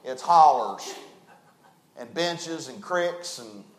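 A man preaching a sermon, folksy and emphatic, swinging from loud to hushed. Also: fairly high pitch, expressive, slow pace, reverberant.

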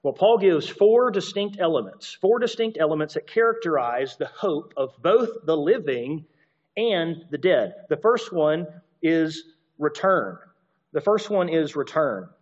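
A man's voice: on the high side, sing-song, unhurried, darkish tone, husky, highs cut off. Man preaching a conversational sermon. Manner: conversational teaching with asides and repeated points. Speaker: pastor.

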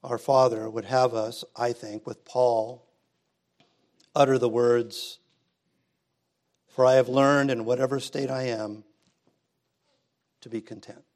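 A middle-aged man delivers a sermon to his congregation. His voice sits at an ordinary pitch for a man. His preaching is relaxed and conversational, rising to emphatic passages. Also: slow pace, long pauses. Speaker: pastor. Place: church sanctuary.

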